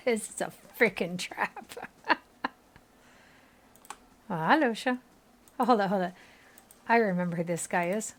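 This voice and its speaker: A woman's voice: medium pitch, slow pace, long pauses. A woman in her thirties chatting with her viewers while streaming a game, laughing often. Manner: giggly, chatty, talks to chat. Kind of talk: casual gaming livestream chat.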